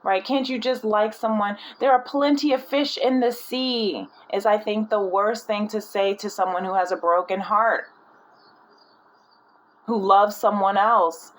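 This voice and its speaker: A woman's voice: medium pitch, rough recording. A woman giving a casual spiritual reading, thinking aloud and often searching for the right word. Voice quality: rambling, frequent restarts and fillers. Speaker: spiritual reader.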